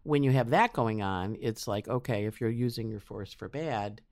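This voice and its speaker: A woman's voice: very deep voice, moderate pace, a little mellow, no echo, studio quality. A woman astrologer chatting in an interview, rambling with many restarts. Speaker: astrologer guest. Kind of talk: casual interview chat.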